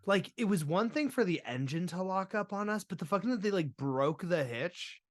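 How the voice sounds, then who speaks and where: A man hosting a podcast, telling a wild story in casual, profane chat that swings between loud and quiet. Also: high-pitched, lively intonation, normal speed, dry recording, clean studio sound. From Boston area. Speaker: podcast host.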